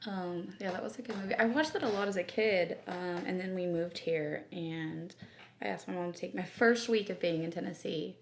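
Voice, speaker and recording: A woman's voice: lowish voice, fairly even intonation, moderate pace, echoey room, slight background noise. A woman from California, a podcast guest chatting and rambling with frequent laughter. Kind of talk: casual chat.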